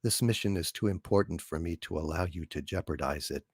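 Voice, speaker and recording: A man voicing a calm, cold male ship computer, speaking low, soft and slowly. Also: slightly rough, dry recording, studio quality. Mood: eerily calm. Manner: soft, slow, eerily calm.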